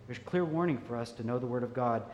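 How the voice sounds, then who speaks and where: A man preaching a sermon, earnest and animated, telling stories and urging listeners to keep growing. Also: medium pitch, fast talker, lo-fi sound, a little hiss or hum. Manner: earnest, animated storytelling, laughs easily. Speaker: pastor. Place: church sanctuary. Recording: echoey hall with faint ambience.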